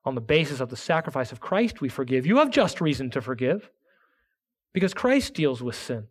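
A pastor preaching a sermon with earnest emphasis, reading scripture aloud and dropping to a hushed tone for key points. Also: male voice, medium pitch, very animated, fairly quick, breathy edge.

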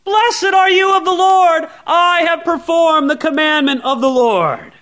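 Guy doing a cocky young king voice, boasting loud and high, real sure of himself. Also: a little slow. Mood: boastful. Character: proud boastful young king, eager and self-assured.

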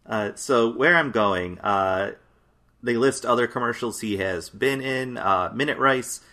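A man's voice: medium pitch, measured pace, pushed and bright. A man co-hosting a casual chat, reading out lists of facts in a dry way with fillers. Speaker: podcast co-host.

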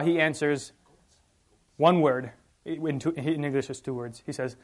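A man's voice: on the high side, unhurried. A man teaching a Bible class, reading passages aloud with emphasis and asking the group questions in a conversational way.

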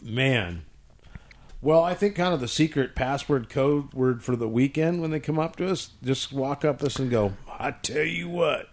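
A man's voice: mid-range voice, moderate pace. A middle-aged man and pastor co-hosting a casual chat, telling stories with playful jokes. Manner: jokey, animated storytelling. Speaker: pastor and co-host.

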